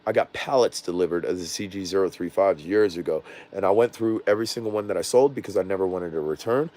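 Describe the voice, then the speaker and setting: A man's voice: low-pitched, quick pace, darkish tone. A middle-aged man with a Southern US accent, hosting a casual drone livestream in a loose, rambling way with frequent laughs. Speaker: drone channel host.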